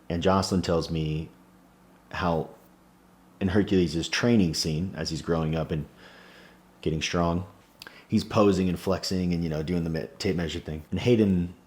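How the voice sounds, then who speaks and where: Brief: very low-voiced man in his thirties, earnest and reflective vlogger speaking to camera. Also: moderate pace, pauses often, a little mellow. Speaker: small business owner. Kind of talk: personal vlog monologue.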